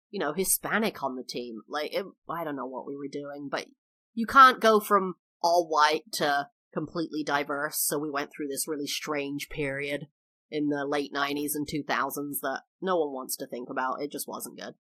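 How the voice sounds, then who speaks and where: A woman's voice: sits low, pushed and bright, dry recording. A woman podcast host recapping a movie in casual chat, full of "like" asides and acted-out quotes. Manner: chatty, lots of "like" asides; acts out quoted lines.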